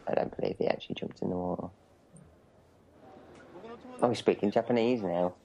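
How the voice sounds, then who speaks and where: A man's voice: deep voice, fairly quick, creaky, dark tone. A man co-hosting a casual film commentary, joking crudely and slipping into silly voices, from England. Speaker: podcast co-host.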